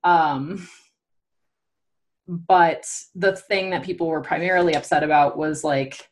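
A woman's voice: deep voice, level tone, unhurried. A young woman talking through a topic in casual conversation, thoughtful and hesitant, with many fillers and restarts.

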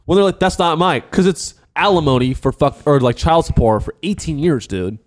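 A man's voice: a little high, expressive, brisk, no echo, clean studio sound. A sleep-deprived man co-hosting a podcast, rambling and giggling in casual chat. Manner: rambling, giggly, jumps into silly bits. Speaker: podcast co-host.

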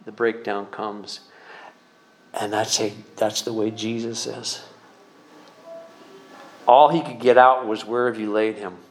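A man preaching as a pastor, speaking conversationally with repeated words and emphatic rises. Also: on the low side. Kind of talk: sermon.

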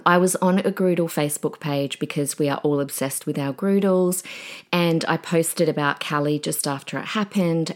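A woman hosting a podcast on her own, chatting in a gushing way with lots of fillers and asides. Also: sits low. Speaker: podcast host and preacher. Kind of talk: casual solo podcast chat.

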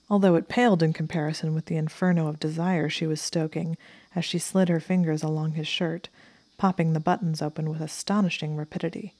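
A woman narrating romance fiction aloud in a soft, intimate, even storytelling manner. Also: low-pitched, no room sound. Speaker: audiobook narrator.

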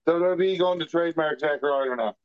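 Stubborn podcast co-host, dull mic. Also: male voice, fairly high pitch, fairly quick, clear, resonant tone, no room sound. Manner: stubborn, contrarian in debate. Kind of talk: casual watchalong chat.

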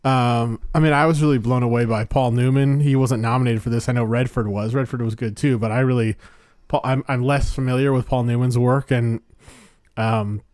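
A man's voice: medium pitch, fairly even intonation, a little fast, a little mellow, no echo, studio quality. A man, a regular on a podcast, giving his opinion on a film in a hesitant, casual way. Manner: hesitant, many "uh" and "I mean".

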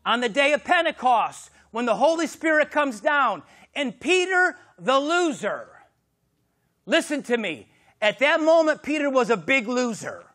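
A man preaching a sermon as pastor, swinging from shouted exclamations to hushed, intimate lines. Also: very high voice, very animated, measured pace.

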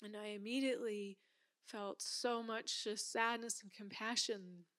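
Woman, 30s, personal storyteller: high pitch, animated, plays out her own inner voice. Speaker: speaker telling a personal story.

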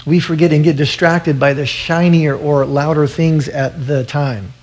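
A man's voice: a little high, steady tone, a little slow, a little mellow. A male pastor preaching a sermon to his church in an earnest way, often restarting and repeating words.

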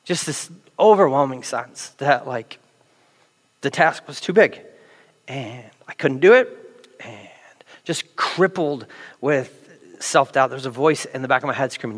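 A man who is a pastor, preaching a sermon with animated, self-deprecating storytelling. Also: mid-range voice, measured pace, long pauses, breathy edge, long reverb tail. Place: large church auditorium.

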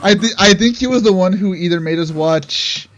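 A man's voice: high-pitched, normal speed, slight background noise. A man from Texas co-hosting a casual chat, stammering on restarts and joking as he makes his point. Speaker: podcast co-host.

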